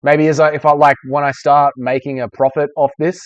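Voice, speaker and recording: A man's voice: fairly high pitch, little pitch movement, brisk, no room sound, highs cut off. A young man hosting a casual live-stream Q&A, chatty and rambling, swearing freely. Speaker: streamer host.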